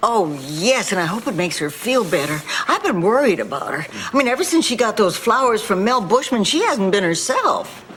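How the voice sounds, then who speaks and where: A woman's voice: mid-range voice, sing-song, moderate pace. A woman acting in a sitcom with a sweet, earnest delivery. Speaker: actor in a sitcom clip. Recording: noisy old TV audio.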